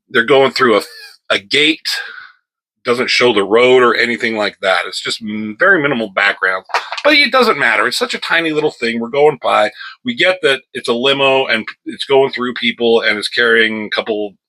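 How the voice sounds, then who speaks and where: A man's voice: mid-range voice, pushed and bright, low-quality recording. A man reviewing a comic book at home in an offhand, rambling chat, breaking off now and then to scold his cat.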